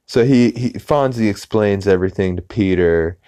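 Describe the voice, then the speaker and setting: A man hosting a podcast, recapping a cartoon episode in a rambling, halting way and loosely acting out the characters' lines. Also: fairly low pitch, dark tone, clear, resonant tone, no room sound, clean studio sound. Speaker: podcast host.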